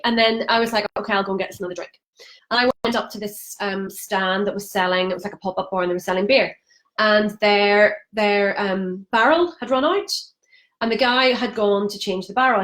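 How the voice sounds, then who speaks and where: A woman's voice: medium pitch, fairly bright tone, low-quality recording. A woman talking candidly in a live-streamed vlog, frank and emotional, with many fillers and restarts. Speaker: vlogger sharing a sobriety challenge. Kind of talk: candid Facebook live monologue. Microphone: phone or webcam on a live stream.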